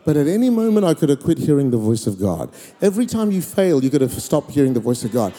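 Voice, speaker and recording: A pastor in his thirties telling a personal story in a sermon, animated and comic, with sudden loud, excited peaks. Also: fairly high pitch, quick pace. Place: large church hall. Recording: long hall reverb.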